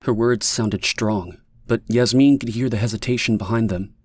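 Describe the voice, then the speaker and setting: A man reading an audiobook in a measured, even manner, as the narrator. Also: lowish voice, slightly rough, dry recording, studio quality. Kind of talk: scripted narration.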